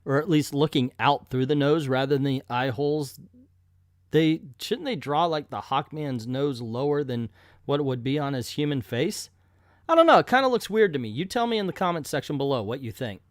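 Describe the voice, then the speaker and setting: A man's voice: fairly high pitch, expressive, moderate pace, no echo, studio quality. A man reviewing an old comic book, reading it aloud with casual, joking, self-deprecating asides.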